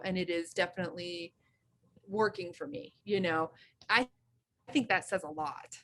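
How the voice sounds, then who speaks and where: A woman's voice: mid-range voice, expressive, normal speed, a bit bright. Effusive woman chatting casually. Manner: effusive, enthusiastic, restarts often. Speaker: co-host. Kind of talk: casual chat.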